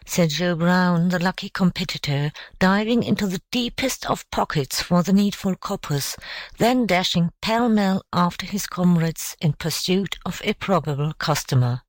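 Woman, audiobook reader, slow measured delivery, fairly low voice, dry close sound. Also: dry recording, rough recording. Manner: measured, expressive. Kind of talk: audiobook narration.

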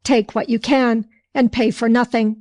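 A woman voicing sly flattering tavern folk. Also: a little high, natural voice. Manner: slow, archaic storytelling speech. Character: sly, flattering male tavern keeper and guests.

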